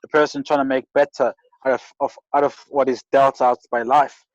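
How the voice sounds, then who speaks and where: This South African interview guest from rural KwaZulu-Natal tells reflective stories earnestly, with many restarts and repeated words. His medium-pitched voice moves little in pitch and runs a little fast, in a dry recording with dull audio.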